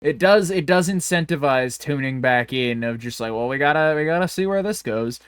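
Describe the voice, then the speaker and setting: A man's voice: a little high, lively intonation, normal speed, clear, resonant tone, dry recording, clean studio sound. A man co-hosting a podcast in casual chat, rambling and swearing, often breaking off and restarting his sentences. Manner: rambling, profane, self-interrupting. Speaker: podcast co-host.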